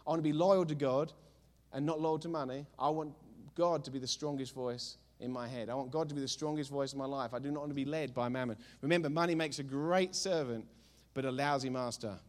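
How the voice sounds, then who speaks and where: A male pastor delivering a sermon in a humorous, storytelling way. His voice sits somewhat high and the words come quickly. He lands his points with emphatic bursts.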